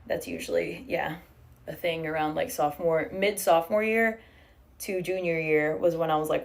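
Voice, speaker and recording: In a relaxed home livestream from her living room, a young adult streamer reads viewer comments aloud and swears without restraint while braiding her hair. She has a low voice and speaks at a moderate pace.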